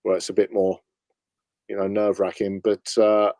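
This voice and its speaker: A man's voice: fairly low pitch, monotone, normal speed, a little mellow, no echo. Chatty London man, dry close sound. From London, England. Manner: chatty, laughs often, slips into impressions. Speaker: impressionist and comedian guest. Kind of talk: casual interview chat.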